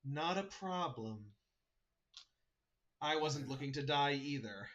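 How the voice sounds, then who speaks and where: Give me a huge snake, voiced by a man, with a dry, teasing way of talking and a bright, lively tone. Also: fairly high pitch, takes it slowly, highs cut off, slight background noise. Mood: wry.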